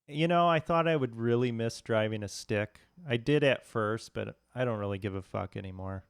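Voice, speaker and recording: A man's voice: medium pitch, moderate pace, vocal fry, clear, resonant tone, dry recording, clean studio sound. A man in casual podcast chat, laid-back and blunt, swearing casually.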